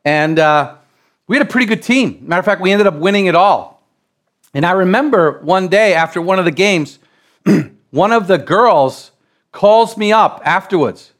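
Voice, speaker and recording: Male preacher, middle-aged, from the United States, high voice, animated sermon that climbs to shouts. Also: moderate pace. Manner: animated preaching, builds to loud exclamations; repeats and restarts phrases while building up.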